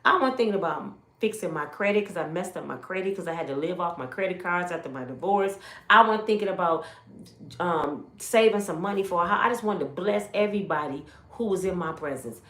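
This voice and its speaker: A woman in her fifties telling her life story as a testimony, acting out the voices of others and swinging from loud exclamations to hushed asides. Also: fairly low pitch, brisk. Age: 50s. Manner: animated, acts out others' voices in quotes. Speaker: YouTube storyteller. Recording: roomy echo.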